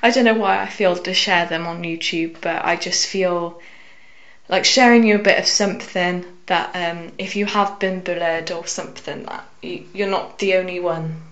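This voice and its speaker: A young woman telling a personal story to camera, hesitant with frequent fillers and soft asides. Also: lowish voice, steady tone, normal speed, dull audio. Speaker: vlogger.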